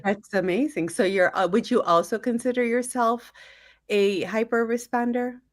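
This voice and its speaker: A woman's voice: on the high side, fairly even intonation, moderate pace. A woman hosting a panel discussion over a video call, affirming guests with lots of "um" fillers. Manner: warm and affirming, many fillers. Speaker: panel host.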